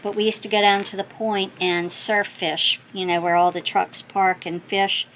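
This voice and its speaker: A middle-aged woman hosting a craft channel, chatting as she opens mail, gushing and thinking out loud as she corrects herself. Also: medium pitch, flat delivery, normal speed, a little hiss or hum, rough recording. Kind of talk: casual chat opening happy mail.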